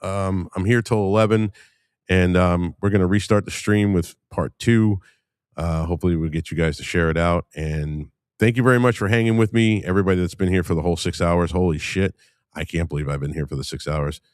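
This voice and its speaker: On his live stream, a man with a low, clear, resonant voice talks fairly quickly, casually swapping rambling, profane stories with viewers. It's a dry, studio-quality recording from a streaming microphone.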